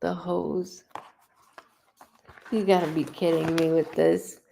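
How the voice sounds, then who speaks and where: A woman doing a live psychic reading in a mellow voice with a gravelly edge. She talks casually and with feeling, and she lifts her voice whenever she passes on what a spirit says. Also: deep voice, little pitch movement, slow pace, a little hiss or hum. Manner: emotional, conversational, relays quotes in a lifted voice. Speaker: psychic medium.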